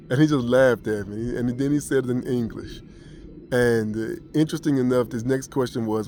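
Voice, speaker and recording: A man's voice: mid-range voice, fairly even intonation, moderate pace, a little mellow, a little hiss or hum. An American man vlogging, telling a personal story casually with many restarts and fillers. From United States.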